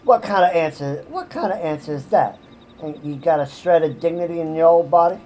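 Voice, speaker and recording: A woman playing a gruff, scolding warrior woman. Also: sits low, expressive, brisk, warm tone, a little hiss or hum, low-quality recording. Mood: scornful. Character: brash tough woman warrior, scornful.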